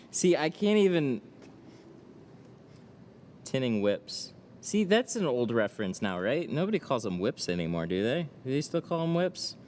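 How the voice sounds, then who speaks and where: A man's voice: mid-range voice, big pitch swings, a little slow, long pauses, darkish tone, slight background noise. A man who runs a window tint shop, joking in casual banter and then quoting prices to a customer over the phone. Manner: joking and self-mocking in banter, plain and businesslike on the phone. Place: tint workshop.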